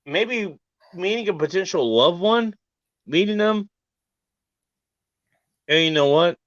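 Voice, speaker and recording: A man hosting a show in a profane mock-serious rant, firing rhetorical questions and dropping from loud outbursts to near-murmurs. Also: sits high, animated, takes it slowly, no echo. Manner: heavy swearing, rhetorical questions. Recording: dull lo-fi dry recording.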